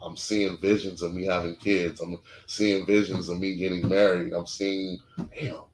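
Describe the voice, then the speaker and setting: Male podcast co-host, low register, candid and profane, clipped emotional storytelling, roomy echo. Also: little pitch movement, moderate pace, a little hiss or hum. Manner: blunt, profane and emotional, short clipped sentences. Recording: echoey room.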